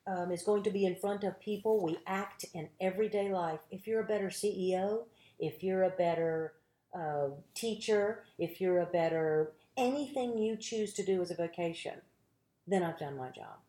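A woman with a Southern American accent, an actress and teacher, talking in a casual interview in an animated, opinionated way. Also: on the low side, moderate pace, roomy sound, poor audio. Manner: animated, opinionated, laughs often.

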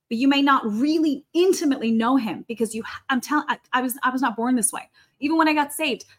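A woman's voice: high-pitched, fairly bright tone. A woman talking as a podcast guest in a fervent, preaching manner, stressing her points by repeating them. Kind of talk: conversational preaching.

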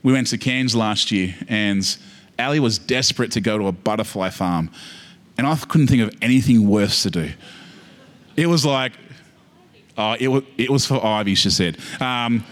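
A man with an Australian accent preaching a sermon, animated and humorous, building to emphatic peaks. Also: lowish voice, moderate pace. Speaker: pastor. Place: church service.

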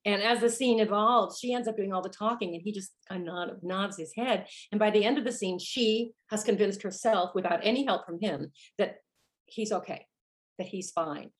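A woman's voice: medium pitch, moderate pace. A woman, a musical theater actress, telling a story in a casual interview and acting out the lines she quotes.

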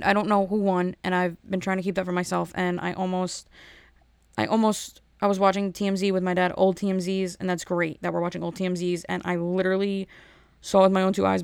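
A woman, ranting in a sarcastic, animated monologue that jumps between topics. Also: fairly low pitch, gravelly, clear, resonant tone, dry recording.

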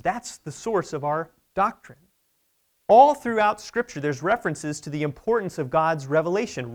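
A male pastor delivers a sermon from a church pulpit, his voice sitting a little high for a man. He preaches in an emphatic but conversational way, often checking in with the congregation.

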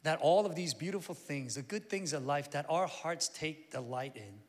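A middle-aged man preaching a sermon, telling a family story with lively acted-out voices. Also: a little high, moderate pace. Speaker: pastor. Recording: long hall reverb.

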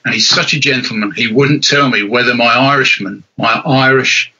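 Animated, husky-voiced man telling stories. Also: mid-range voice, brisk, hardly any pauses, dull audio. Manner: animated storyteller, self-deprecating. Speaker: rally commentator and author. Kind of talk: chatty podcast interview.

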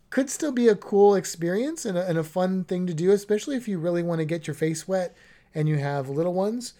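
A woman's voice: deep voice, mellow. A woman chatting casually about travel plans, rambling and correcting herself as she goes. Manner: rambling, self-correcting, chuckling.

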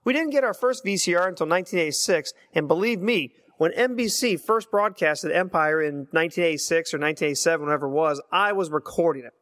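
A man's voice: on the high side, a bit bright. A man in his thirties leaving a voicemail, reminiscing earnestly and reading passages aloud. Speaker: listener voicemail. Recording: long hall reverb.

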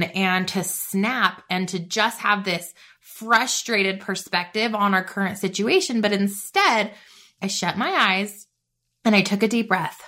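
A woman's voice: mid-range voice, expressive, unhurried, bright, forceful tone. A woman hosting a faith-based motivational podcast, chatty and bubbly with lots of "like.". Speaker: podcast host.

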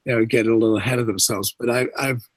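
A middle-aged Canadian man talks as a guest in a relaxed interview, his speech carrying a faint English inflection. He rambles and restarts his sentences freely, and his voice sounds dry and close, with almost no room sound. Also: medium pitch, fast talker, no room sound, rough recording. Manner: rambling, many restarts and asides. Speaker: guest actor. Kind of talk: casual interview chat.

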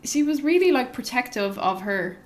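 A woman, co-hosting a podcast and telling stories with lively acted-out reactions. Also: a little high, normal speed. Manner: animated storyteller, acts out her own reactions. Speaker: podcast co-host. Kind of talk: casual chat.

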